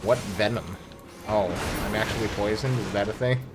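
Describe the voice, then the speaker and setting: A man's voice: lowish voice, fairly even intonation, normal speed. A man streaming a game, chatting casually with joking, profane asides, with faint game music behind. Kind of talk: casual gameplay commentary.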